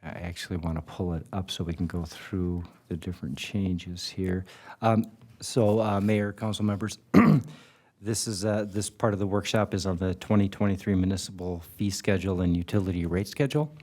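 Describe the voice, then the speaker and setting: Man, city finance director; very deep voice, measured and hesitant. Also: fairly even intonation, a little mellow. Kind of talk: council workshop discussion.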